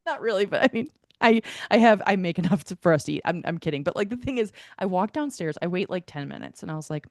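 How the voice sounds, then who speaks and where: A woman's voice: on the low side, animated, quick pace, few pauses, a little mellow, dry recording, clean studio sound. A woman co-hosting a podcast, telling stories in casual chat, filling her talk with "like". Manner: chatty storyteller, filler-heavy "like". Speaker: podcast co-host.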